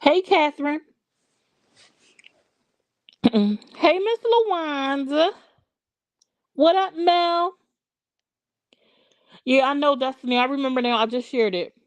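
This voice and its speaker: With a high-pitched, expressive voice, a woman slowly chats on her casual livestream, leaving long pauses as she answers viewers by name. The recording is dry.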